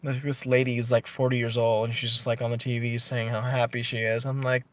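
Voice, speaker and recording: A man vlogging a casual rant to his viewers, chatty and animated, full of "like" and swearing. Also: medium pitch, brisk, hardly any pauses.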